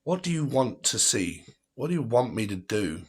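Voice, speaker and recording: A man's voice: medium pitch, sing-song, slightly rough. A man who hosts a tarot livestream and chats casually with viewers, rambling and laughing often. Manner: rambling, chatty, quick to laugh. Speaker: tarot reader hosting a livestream.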